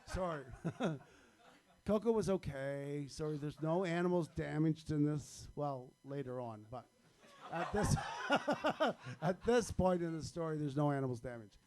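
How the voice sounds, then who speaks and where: A man's voice: fairly high pitch, expressive, measured pace, a little mellow. A man telling a darkly comic personal story on stage at a live storytelling event, wry and chuckling at his own punchlines.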